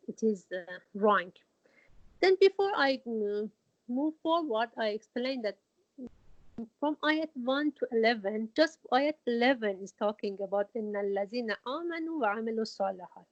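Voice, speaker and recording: Woman teaching slowly with halting restarts. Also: a little high. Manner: halting, with frequent restarts and Arabic quotations. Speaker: Quran teacher. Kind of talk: informal religious lesson. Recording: dull lo-fi recording.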